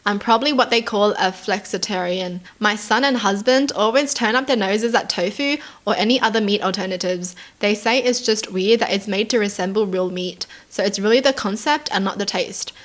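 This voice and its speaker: A woman's voice: mid-range voice, moderate pace, hardly any pauses, a bit bright. A woman from Australia reading online stories aloud and reacting to them in a chatty, casual way, full of "like" and "dude". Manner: chatty, lots of "like" and "dude", giggly asides.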